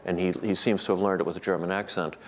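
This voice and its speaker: A man with a lowish voice, lecturing to a room of listeners. He thinks aloud as he goes, often restarting a phrase or repeating a word before moving on. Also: fairly even intonation, fast talker, a little hiss or hum. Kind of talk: academic lecture.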